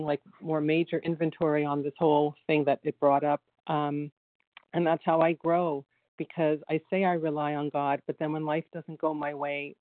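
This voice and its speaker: A woman's voice: sits low, dry recording. A woman speaking earnestly and reflectively as she shares at a recovery meeting, repeating phrases for emphasis. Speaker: meeting member sharing. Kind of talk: personal sharing at a recovery meeting. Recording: dry phone line.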